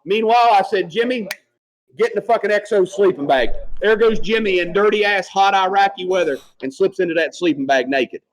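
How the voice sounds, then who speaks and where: High-voiced man telling rowdy war stories. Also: brisk, poor audio. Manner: profane, animated storyteller acting out quotes. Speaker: former Marine staff sergeant telling stories. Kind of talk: casual podcast storytelling.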